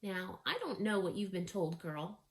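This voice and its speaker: A woman's voice: on the low side, animated, measured pace. Stern older yorkshire housekeeper lady, tutting and scolding, read out by a woman. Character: stern older female housekeeper, formidable, disapproving.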